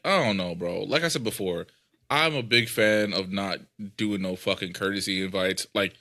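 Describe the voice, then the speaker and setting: A man's voice: on the low side, no echo, studio quality. A young adult man hosting a podcast, telling stories in casual, profane chat. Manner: profane, animated storytelling. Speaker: podcast host.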